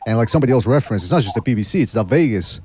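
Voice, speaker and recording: A man hosts a call-in show in easy, casual banter, laughing often and tripping over repeated words. His medium-pitched voice sits close to the mic in a dry, dead room. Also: lively intonation, very fast, slightly rough, no room sound. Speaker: podcast host taking calls.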